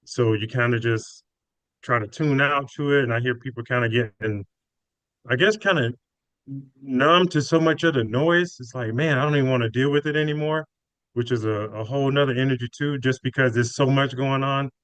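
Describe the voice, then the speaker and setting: Male podcast co-host, reflective, mid-pitched, dry close sound. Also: moderate pace, a bit bright, dry recording, rough recording. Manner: thoughtful, reflective. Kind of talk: casual spiritual chat.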